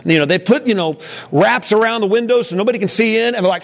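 Man teaching a group Bible study, high gravelly voice, casual and full of questions. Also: fast talker. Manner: conversational, asks the room questions. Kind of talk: interactive Bible lesson.

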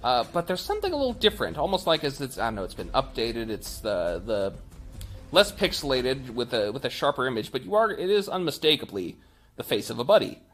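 A man's voice: mid-range voice, big pitch swings, a little fast, a bit bright, soft background music. A man acting as game master, narrating with rambling, word-searching descriptions and playful sound effects.

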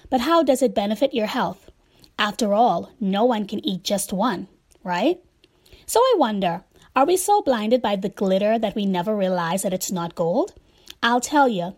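A woman's voice: medium pitch, darkish tone. A woman in her forties giving a candid, wry, faith-tinged spoken essay about relationships.

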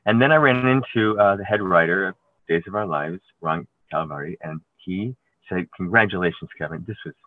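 A man with a very deep voice talks through his career in a loose, rambling interview way, circling back and restarting his sentences as he goes. The sound is thin and tinny, like a phone line, and completely dry with no room around it. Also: no echo. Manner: rambling, halting storytelling with many restarts. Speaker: actor guest. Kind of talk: conversational interview.

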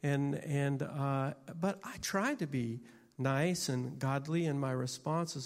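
A man who is a minister and teacher tells a personal story in a sermon, halting and often repeating how he starts his sentences. There is a long hall reverb on his voice. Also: mid-range voice.

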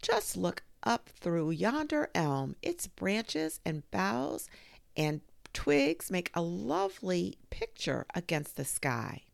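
A woman voicing cheerful young schoolgirls chatting brightly on a walk. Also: on the low side, wildly swooping pitch, takes it slowly, vocal fry, voice pushed up, full character voice. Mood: chatty.

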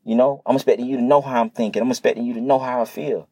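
A man's voice: mid-range voice, steady tone, racing, mellow, no room sound. A young man speaking earnestly and casually to listeners about communication, repeating his points in plain conversational slang. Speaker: motivational speaker. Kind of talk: unscripted motivational monologue.

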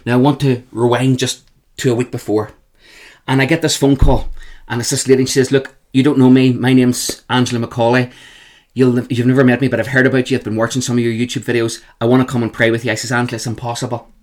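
A man with a Northern Irish accent, a guest telling emphatic, animated stories in an interview. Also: mid-range voice, fast talker. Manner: animated, emphatic, repeats the host's name. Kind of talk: storytelling in an interview.

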